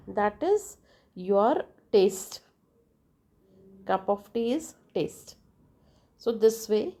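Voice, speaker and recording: A woman gives an informal lecture on language terms. She talks slowly and works through each example, her voice warm and mellow, and she keeps pausing to check with "right?". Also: on the high side. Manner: slow, explanatory, with frequent filler "right?". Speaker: English teacher.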